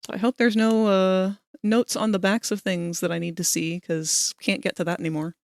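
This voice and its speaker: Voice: medium pitch, flat delivery, normal speed, vocal fry, slight background noise. A streamer giving casual live commentary while playing, swearing now and then and picking apart game bugs in technical terms.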